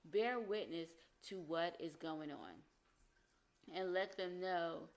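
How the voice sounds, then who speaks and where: A woman talks through relationship advice in a casual, earnest way. Her voice sits a little low for a woman, and she acts out the phrases people might say. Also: takes it slowly. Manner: earnest, explains with acted-out example phrases.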